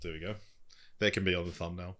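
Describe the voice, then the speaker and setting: A man co-hosting a podcast in loose, casual chat, reading listener comments aloud and laughing often. His voice sits a little low, with a bright, forceful edge. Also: steady tone, fast talker. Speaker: podcast co-host.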